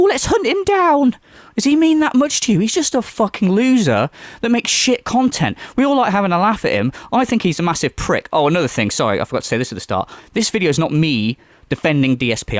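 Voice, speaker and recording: Sweary, animated man ranting. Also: medium pitch, no room sound, clean studio sound. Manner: sweary, sarcastic, animated rant with mocking voices. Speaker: commentary channel host. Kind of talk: ranting commentary monologue.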